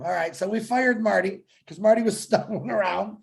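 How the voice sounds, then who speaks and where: A man's voice: sits high, a little fast, gravelly. Jokey man telling a story. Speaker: webinar co-host. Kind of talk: casual promotional webinar chat.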